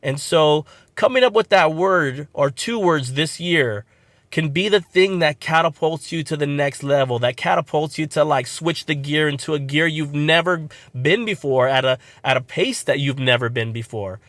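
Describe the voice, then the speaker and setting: A man's voice: on the high side, normal speed, fairly bright tone, no echo. A man with a cold and a congested voice, hosting a motivational podcast and giving an earnest, encouraging talk to camera with many fillers. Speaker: podcast host.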